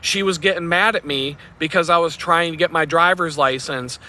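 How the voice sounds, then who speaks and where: A man rambles straight to the camera, blunt and foul-mouthed. His voice sits a bit high and rings very bright and sharp. He talks like he is venting to friends. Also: steady tone, moderate pace. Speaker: vlogger. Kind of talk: casual vlog monologue.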